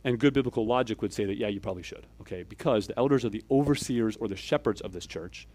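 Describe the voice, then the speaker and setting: A man, a church elder, preaching a conversational sermon. He explains step by step, keeps checking in with "okay?" and "right?", and moves between louder emphatic pushes and quiet asides. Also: on the low side, fast talker.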